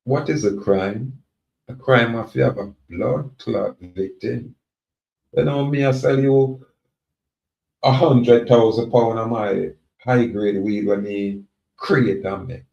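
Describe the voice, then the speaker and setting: A man's voice: medium pitch, fairly even intonation, slow pace, creaky, a little mellow. A man with a Jamaican accent giving a defiant, preachy, rambling monologue to his viewers. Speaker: self-styled sovereign speaking to viewers. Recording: roomy, dull lo-fi recording.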